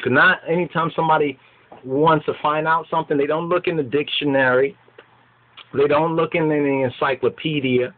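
A man giving an informal lecture who keeps checking in with his listeners, often asking "right?" and "you understand?". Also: medium pitch. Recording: tinny phone-like sound.

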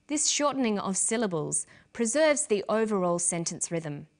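A woman presenting a scripted English lesson, speaking clearly and carefully as a teacher. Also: mid-range voice, very animated, moderate pace, hardly any pauses. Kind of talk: scripted instructional narration.

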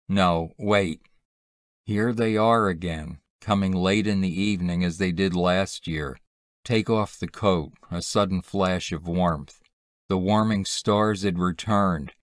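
A man reading a literary horror short story aloud in a measured, unhurried narration. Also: low voice, dry recording, studio quality. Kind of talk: scripted narration.

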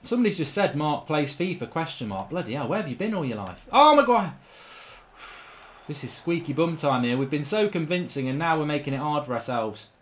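A man giving live gameplay commentary as a channel host, ranting in exasperation with lots of swearing, swinging between low mutters and shouting. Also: very animated, fairly quick.

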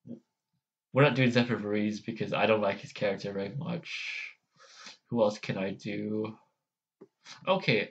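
A man's voice: fairly low pitch, highs cut off. A man hosting a casual vlog, hesitant and self-deprecating as he tries out character voices. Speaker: channel host.

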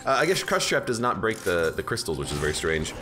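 A man's voice: low voice, very animated, fast. A man giving rambling casual commentary while playing a video game, often correcting himself mid-sentence. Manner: rambling, self-correcting, chatty. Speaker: game streamer. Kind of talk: casual let's-play commentary. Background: game music.

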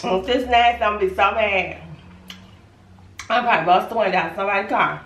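In this food challenge vlog, a pregnant young woman chats casually and sassily, addressing her viewers directly. She speaks quickly in a mid-range, slightly bright voice. The sound is echoey, picked up from a distant mic.

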